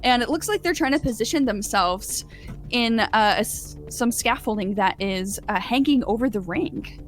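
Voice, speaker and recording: A woman leads a tabletop game as its game master, her voice sitting a touch high. She narrates the action with animated delivery and laughs easily between lines. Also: moderate pace, soft background music.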